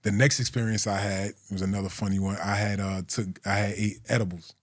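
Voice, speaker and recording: A man's voice: lowish voice, little pitch movement, fast talker, no echo, clean studio sound. A man in his forties, a guest telling stories in a loose, profane way and laughing through them. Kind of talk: casual storytelling.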